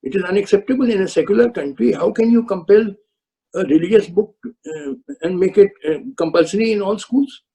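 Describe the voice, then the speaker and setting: A man's voice: sits high, expressive, brisk, vocal fry, dark tone, husky, poor audio. An older man, a retired judge, firmly lecturing law students over a video call, with frequent uh and um. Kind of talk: webinar answers to student questions.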